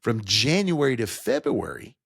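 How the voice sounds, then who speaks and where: A man's voice: mid-range voice, big pitch swings, a little slow, gravelly, a bit bright, dry recording, studio quality. A man hosting a financial talk radio show, stressing key figures and explaining the numbers plainly to his listeners. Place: radio studio.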